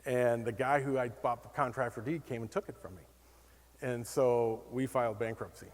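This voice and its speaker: A man speaks on stage at a conference, telling a personal story in an animated, self-mocking way. He acts out the other voices in his story. The sound carries the long reverb of a large hall. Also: mid-range voice, normal speed. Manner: animated, self-deprecating, acts out quoted dialogue.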